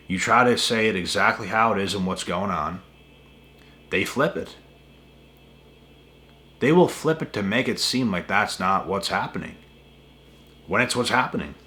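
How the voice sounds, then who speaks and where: A man's voice: on the low side, bright, forceful tone. A man hosting a spiritual channel, ranting to camera in an emphatic, repetitive way with a lot of swearing. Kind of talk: casual rant to camera.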